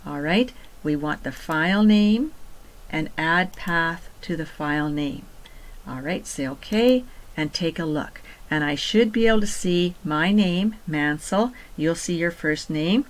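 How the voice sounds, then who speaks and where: A woman teacher giving patient step-by-step instructions in a screen-recorded software tutorial, repeating key points. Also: low voice, measured pace, poor audio. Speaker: computer teacher.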